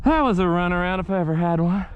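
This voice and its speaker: A man hunting outdoors in an open field, chatting casually and shouting commands to his dog. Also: high voice, fast talker, highs cut off, background noise.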